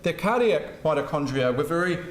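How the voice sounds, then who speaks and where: A man's voice: on the high side, lively intonation, normal speed. A middle-aged man giving a humorous, anecdotal university lecture, self-deprecating and full of jokes. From New Zealand. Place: lecture hall. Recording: roomy lecture hall sound.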